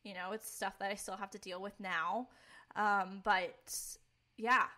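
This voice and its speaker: A woman's voice: medium pitch, fairly even intonation, unhurried, sharp tone. Earnest young woman sharing testimony. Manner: earnest, candid, filler-heavy with frequent "like". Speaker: podcast co-host. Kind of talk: personal testimony, casual chat.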